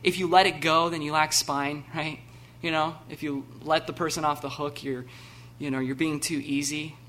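A man preaching a sermon, animated and laughing, acting out the scenes with sudden loud bursts. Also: on the high side, normal speed, slight background noise. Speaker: pastor.

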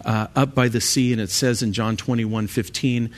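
A man's voice: mid-range voice, fairly even intonation, moderate pace. A man leading an evening Bible study as pastor, talking through scripture in a conversational way with fillers and restarts.

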